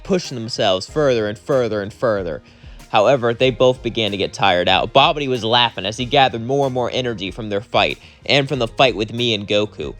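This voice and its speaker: Guy rambling thru a fan story, normal voice, quiet music under it. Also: medium pitch. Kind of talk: casual spoken fan story narration.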